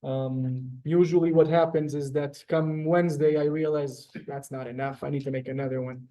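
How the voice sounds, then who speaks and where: A man's voice: fairly high pitch, moderate pace, low-quality recording. Chatty man teaching on a video call. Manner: relaxed, chatty, many fillers and restarts. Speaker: Hebrew teacher. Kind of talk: casual online class teaching.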